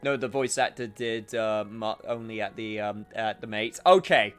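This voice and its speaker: A man's voice: on the low side, steady tone, normal speed, smooth, soft background music. A man streaming a game, chatting casually and thinking aloud as he plays. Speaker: gaming streamer. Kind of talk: casual live-stream commentary.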